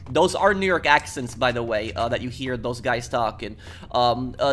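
A man's voice: medium pitch, fairly bright tone, slight background noise. A man giving casual let's play commentary in a chatty way, full of ums and you-knows. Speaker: gameplay commentator.

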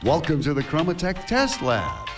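A man voicing a dry, sarcastic male test-lab announcer in a video game, speaking in a calm, soothing, deadpan way. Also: a little high, normal speed. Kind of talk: scripted video game voice-over. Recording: game audio over music, slightly distant.

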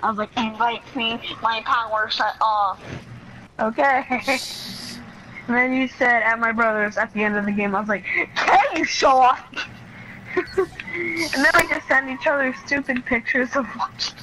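A woman's voice: a little high, steady tone, normal speed, sharp tone, slight background noise, poor audio. A woman streaming a video game, rambling through a story about chat messages and giggling often. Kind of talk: casual gaming stream chat.

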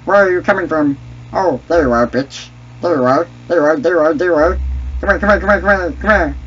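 A man putting on the voice of a goofy, clumsy male alien sidekick in an excitable, trash-talking way while commenting on a game, with sing-song babble. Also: on the high side, fast talker, breathy edge. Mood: gleeful. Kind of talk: gaming commentary in a character voice. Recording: dull lo-fi mic with faint hum.

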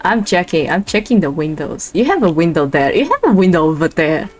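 A woman playing a co-op game on stream, excitable, exclaiming and laughing often. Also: lowish voice, fairly quick, soft background music. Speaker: guest streamer. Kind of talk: casual co-op gaming chat.

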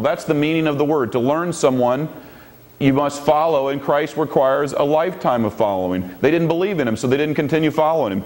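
Guy arguing a bible debate rebuttal, hammers points home, repeats himself, calls for slides, mid pitch. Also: darkish tone. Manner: emphatic, repeats points, cites scripture references, asks for next slides.

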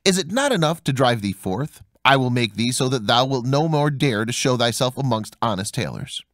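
A man's voice: medium pitch, lively intonation, moderate pace, fairly bright tone, no echo, clean studio sound, lightly acted. A man playing a suspicious, hot-tempered old tailor who speaks in old-fashioned "thou" forms and bursts into exclamations. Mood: angry.

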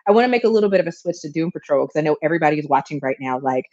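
A woman hosting an interview, chatty and quick to laugh as she asks her questions. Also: low voice, animated, darkish tone, lo-fi sound. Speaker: host. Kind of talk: casual interview chat.

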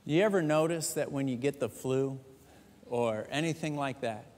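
A man preaching a sermon as pastor, telling stories lively and joking with the congregation. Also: mid-range voice, normal speed. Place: large church sanctuary. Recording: echoey church hall.

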